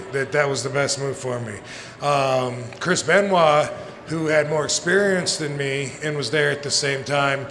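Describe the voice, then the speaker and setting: A man's voice: on the high side, bright, forceful tone. A man in his forties telling rambling, profane stories with frequent laughter as a guest on a live podcast show. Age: 40s. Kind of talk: casual storytelling on a live podcast. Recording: live venue with long reverb and faint noise.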